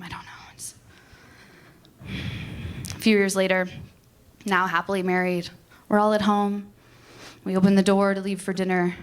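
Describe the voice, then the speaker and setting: Young woman doing stand-up in a comedy club, storytelling with lots of goofy voices. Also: lowish voice. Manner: storytelling, animated character voices. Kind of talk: stand-up set.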